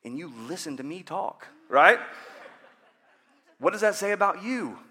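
A man's voice: high-pitched, expressive, a little slow, bright, forceful tone, husky. A man in his thirties preaching a sermon in a conversational, joking way, acting out prayers. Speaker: pastor.

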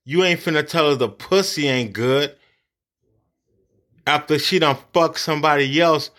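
A man's voice: fairly high pitch, a little slow, a bit bright. A man ranting angrily about politics, profane and blunt. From United States. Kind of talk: angry political rant.

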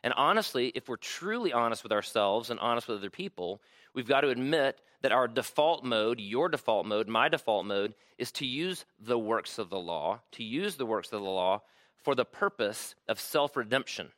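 A man's voice: medium pitch, lively intonation, normal speed, fairly bright tone, no echo. A man preaching a sermon to a room, conversational and checking in with "right?" often. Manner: conversational, frequent "right?" tags. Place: room with audience.

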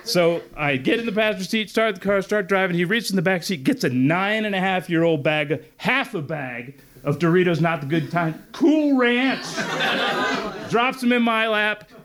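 Animated high-voiced male storyteller. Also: moderate pace. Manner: animated, punchy, acts out voices. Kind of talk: live comedic storytelling. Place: festival stage before an audience.

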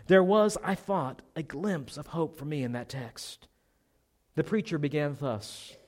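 A man's voice: fairly high pitch, animated, a little slow, darkish tone. A man preaching a sermon, earnestly telling a conversion story and reading a memoir aloud.

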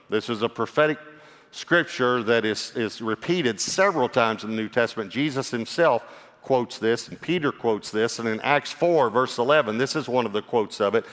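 A man preaching a sermon as a pastor, earnest and personal, sometimes dropping to a hushed voice for emphasis. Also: mid-range voice, moderate pace. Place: church. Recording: long hall reverb.

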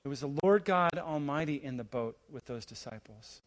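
A middle-aged man preaching a sermon as a visiting pastor, building to emphatic, rising questions and then dropping to a quiet, hushed delivery. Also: animated, normal speed. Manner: swings between rising, emphatic preaching and hushed, low asides.

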